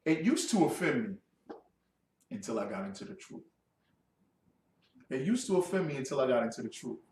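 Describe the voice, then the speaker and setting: A man's voice: medium pitch, sing-song, moderate pace, darkish tone, slight background noise. A man giving a classroom sermon as a religious teacher, preaching with lots of rhetorical questions. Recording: echoey room, distant mic.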